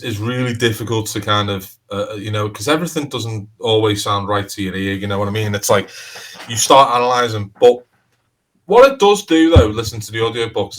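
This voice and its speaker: Scouse guy rambling in an interview, lots of you knows, bright punchy voice. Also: on the low side, rough recording. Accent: Liverpool (Scouse). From Liverpool, England. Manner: rambling, restarts often, frequent "you know". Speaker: crime author, interview guest. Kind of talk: casual interview conversation.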